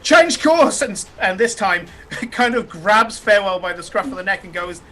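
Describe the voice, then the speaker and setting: A man narrating as game master of a tabletop game, speaking haltingly with many fillers. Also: sits high, pushed and bright, slight background noise.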